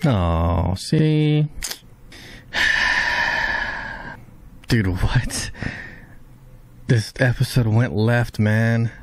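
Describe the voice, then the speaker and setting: This man reacts to an anime episode with casual, excited remarks, drawing out his words and leaving long pauses. He curses without restraint, and shock sends his voice leaping upward.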